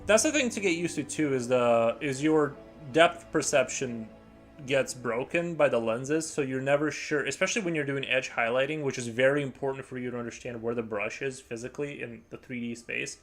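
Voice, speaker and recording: A man chats casually while painting on a live stream, his voice sitting at an ordinary middle pitch. He rambles and hesitates, circling back through fillers and false starts. Soft music plays faintly behind him. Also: normal speed.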